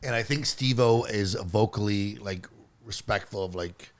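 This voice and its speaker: A man's voice: on the low side, unhurried. A man co-hosting a podcast in casual chat, joking around. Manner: jokey, tries silly impressions and accents. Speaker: podcast co-host.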